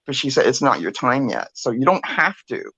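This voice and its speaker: An older woman co-hosting a talk show, telling a story in a chatty, animated way, acting out what others said and swearing freely. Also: a bass voice, moderate pace, breathy edge, no room sound. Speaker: podcast co-host. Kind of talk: casual storytelling.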